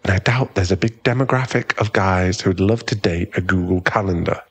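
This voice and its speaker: A man playing a gravelly, smug young bully in whispered role-play. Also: sits low, normal speed, no room sound. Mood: teasing. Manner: smug, mocking, drawling. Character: cocky teasing male bully, young adult. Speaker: ASMR roleplay performer.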